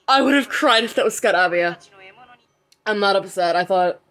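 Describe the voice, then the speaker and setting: A young woman, a gaming vlogger, offers casual, chatty commentary on her gameplay, cursing freely and addressing the characters on screen. Her voice sits at a medium pitch and is slightly bright, moving at a normal pace with frequent pauses.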